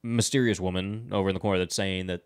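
A man hosts a casual movie podcast in a fairly low voice. He rambles through the plot recap and swears freely. His talk is loose and full of fillers. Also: fairly even intonation, fast talker. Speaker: podcast host.

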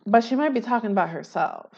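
A woman's voice: fairly high pitch, fast, creaky, slightly rough. Woman host, sarcastic reaction commentary, slightly dull lo-fi sound. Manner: sarcastic, animated retelling with mocking quotes. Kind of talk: casual commentary reacting to a video.

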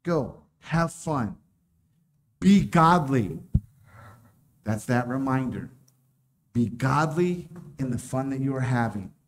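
A man's voice: mid-range voice, animated, takes it slowly, long pauses, a little hiss or hum. A man preaching a casual sermon, joking and laughing often as he talks.

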